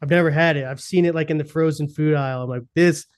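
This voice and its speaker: A man's voice: a little high, steady tone, rapid-fire. A young man co-hosting a podcast, trading sarcastic, profane jokes in casual chat. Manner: sarcastic, joking, swears often. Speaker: podcast co-host.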